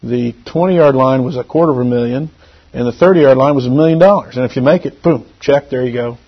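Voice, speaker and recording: A middle-aged man giving a church lesson with anecdotes, talking conversationally and swinging between loud emphasis and quiet asides. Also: mid-range voice, fairly quick. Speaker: lay preacher. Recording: dull lo-fi recording.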